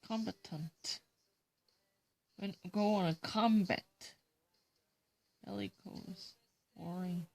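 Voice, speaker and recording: A woman with a Korean accent works through English vocabulary in casual study talk, reading each word and definition aloud. Her voice is gravelly, with a husky edge. Korean is her first language, and she explains the words in it. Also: medium pitch, takes it slowly, pauses often, darkish tone.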